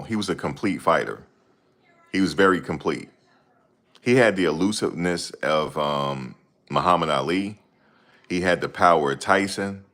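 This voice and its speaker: A man's voice: low voice, fairly bright tone. A man in casual chat, talking in a slangy, rambling way and often searching for names. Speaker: host.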